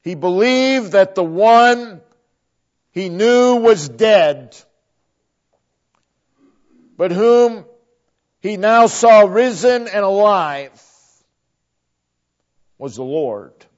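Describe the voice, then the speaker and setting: A man's voice: high voice, animated, very slow, long pauses. A man preaching a sermon, emphatic, repeating phrases for stress. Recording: dull lo-fi recording.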